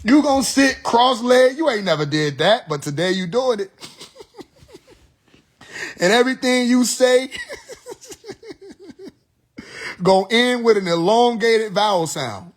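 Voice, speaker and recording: A man's voice: high-pitched, very animated, takes it slowly, pauses often, husky. A man hosting a live stream, talking in a preachy, profane monologue and laughing at his own jokes.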